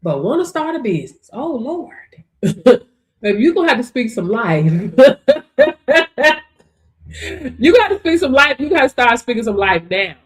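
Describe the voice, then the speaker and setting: Upbeat woman preaching to her stream viewers, voice pitched up a bit, pitch jumps all over. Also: a little slow, long pauses. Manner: animated and preachy, laughs often, addresses viewers directly. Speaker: livestream host. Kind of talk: motivational livestream talk.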